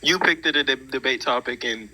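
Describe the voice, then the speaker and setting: Bright-voiced joking man. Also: medium pitch, fairly quick, poor audio. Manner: joking, offhand. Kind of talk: casual online debate chat.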